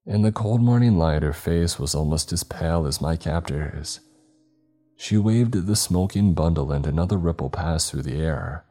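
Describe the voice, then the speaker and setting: Horror narrator, male, extremely low and dark voice, measured delivery. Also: lively intonation, faint music behind. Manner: measured, dramatic storytelling.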